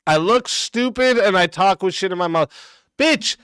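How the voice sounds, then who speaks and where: Man ranting angrily, high clear voice. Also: normal speed, a bit bright, dry recording. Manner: aggressive, mocking, cursing. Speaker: streamer reacting to a clip. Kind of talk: profane reaction rant.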